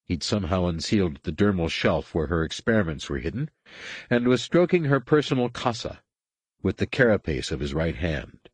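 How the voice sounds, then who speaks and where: A man narrating an audiobook in a deep, low voice with a husky grain. His reading is measured yet lively in pitch, recorded dry and close with no room sound. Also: no echo. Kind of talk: scripted narration.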